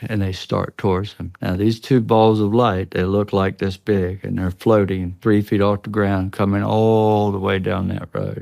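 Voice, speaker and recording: Low, gravelly man telling his story. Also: darkish tone, dry recording. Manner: earnest, tense storytelling, breaks off and restarts. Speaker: interview guest. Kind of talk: recounting a personal experience in a podcast interview. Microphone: studio podcast mic.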